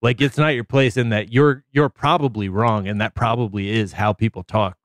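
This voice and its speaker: A man's voice: fairly low pitch, fairly even intonation, moderate pace, dry recording, clean studio sound. A man co-hosting a podcast, chatting and riffing animatedly, swearing freely. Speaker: podcast co-host. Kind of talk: casual chat. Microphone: studio mic.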